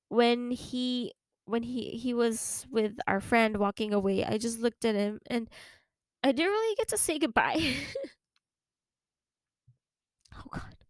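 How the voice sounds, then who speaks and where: A young woman from the Philippines, hosting a podcast and telling a personal story in a halting, emotional way with many restarts. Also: fairly high pitch, clear, resonant tone, no echo. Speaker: podcast host.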